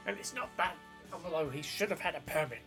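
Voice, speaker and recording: A man's voice: on the high side, quick pace, pushed and bright, faint music behind. A man co-hosting a podcast, chatting casually with wry, dry quips. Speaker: podcast co-host. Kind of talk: casual chat.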